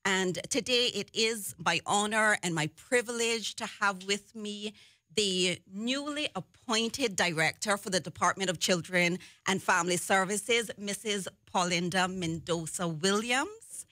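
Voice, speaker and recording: A woman official speaks formally on talk radio, measured and with a few ums. Her voice is bright and sits dry and close. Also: medium pitch, no room sound. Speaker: government chief officer, guest.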